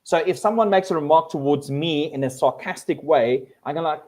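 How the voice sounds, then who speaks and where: Male presenter, animated workshop delivery, restarts and repeats words. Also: fairly high pitch, quick pace, hardly any pauses. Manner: animated, acts out quoted people with voice changes. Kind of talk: live workshop talk.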